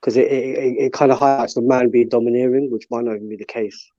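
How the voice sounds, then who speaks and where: A man speaking as a panelist, measured and reasoning his point aloud. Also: medium pitch, fairly even intonation, dark tone, no echo, lo-fi sound, faint music behind. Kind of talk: casual panel discussion.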